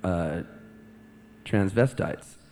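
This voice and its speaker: A man's voice: low-pitched, extremely slow, darkish tone, a little hiss or hum. A man doing a blunt chatty waiter. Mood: boastful. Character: flamboyant gay waiter, a man.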